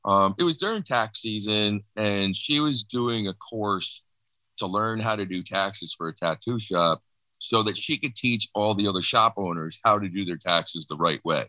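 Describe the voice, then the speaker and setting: A middle-aged man speaking haltingly and softly, with many restarts, as he recounts a personal loss. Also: on the low side, dry recording, rough recording. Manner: halting, restarts, soft and reflective. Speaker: guest sharing personal loss. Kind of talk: emotional personal account.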